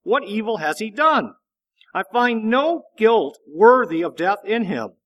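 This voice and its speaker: A man voicing a stern, uneasy Roman governor in a measured, deliberate Bible reading. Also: high-pitched, lively intonation, dull audio, pitched above the performer's own voice. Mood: grave.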